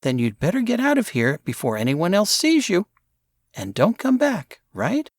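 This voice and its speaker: A man's voice: high voice, wildly swooping pitch, normal speed, no echo, clean studio sound, voice pushed up. A man voicing a teasing teenage girl. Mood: warning. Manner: playful, teasing. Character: bright quick-witted teenage girl, teasing.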